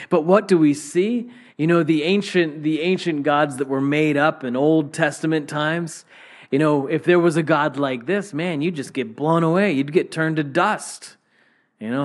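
A man preaching a sermon, swinging between loud exclamations and hushed whispers. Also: a little high, moderate pace.

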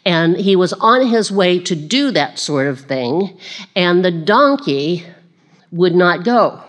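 Chatty, low-voiced woman preaching. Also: lively intonation, slow pace. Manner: chatty and self-deprecating, with laughing asides and restarts. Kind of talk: conversational sermon.

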